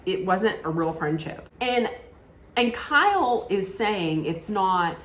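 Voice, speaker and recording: A woman's voice: mid-range voice, lively intonation, slow, a bit bright, roomy sound. A woman giving an opinionated, casual recap rant about a reality show, often restarting her sentences. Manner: opinionated, frequent restarts and asides.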